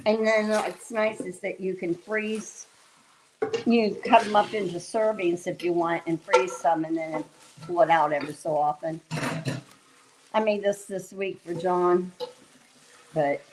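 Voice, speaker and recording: A woman's voice: fairly low pitch, steady tone, unhurried, long pauses, background noise. A woman hosting a livestream, chatting casually with viewers in a rambling way while she cooks. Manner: rambling and chatty, often laughing and restarting. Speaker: livestream host. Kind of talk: casual chat with live viewers while cooking.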